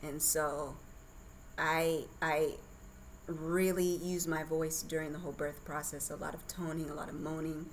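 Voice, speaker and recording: Candid, chatty woman, fairly low voice. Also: little pitch movement, unhurried, a little hiss or hum, rough recording. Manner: candid, chatty, laughs often. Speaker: podcast guest. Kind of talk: casual birth story telling.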